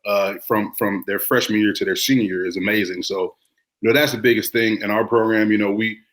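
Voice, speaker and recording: A man who coaches high school football, talking in a relaxed, reflective way with many fillers on a sports podcast. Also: brisk. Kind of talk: casual sports talk.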